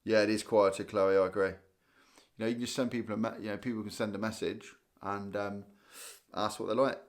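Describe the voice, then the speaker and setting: A tired livestream host from Guernsey, short on sleep after a restless night, chats casually with viewers, reading and answering their comments. His somewhat low voice moves a little fast as he rambles, thinks aloud, restarts, trails off, laughs softly, and yawns.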